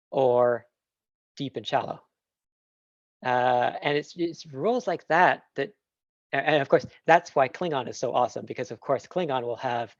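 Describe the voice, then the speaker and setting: Gravelly man enthusing on a video call. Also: medium pitch, dry recording, lo-fi sound. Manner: enthusiastic, rambling with fillers. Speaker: guest speaker. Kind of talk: casual Q&A answer.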